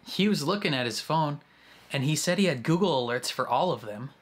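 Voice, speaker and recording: A fairly quick, medium-pitched host offers casual, lively reactions to a film as it runs, chatting and guessing about the plot. There's a little hiss or hum, and the soundtrack plays faintly behind.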